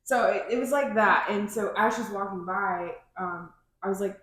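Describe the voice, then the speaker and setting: Speaking at a moderate pace with hardly any pauses, a woman with a medium-pitched, steady, fairly bright voice co-hosts a podcast in casual chat. She rambles loosely and says "like" constantly, recorded in a very echoey room.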